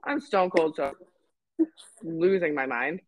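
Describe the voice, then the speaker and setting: Animated young Canadian woman telling a story. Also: deep voice, slow. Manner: swearing, laughing, acting out quotes. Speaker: podcast co-host. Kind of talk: casual storytelling chat.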